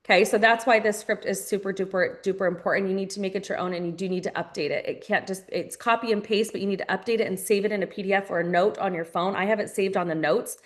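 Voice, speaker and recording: A woman's voice: mid-range voice, fairly even intonation, fast, few pauses. A woman leading a live online training for new team members, upbeat and direct, talking to her listeners as "you guys" and repeating phrases for emphasis.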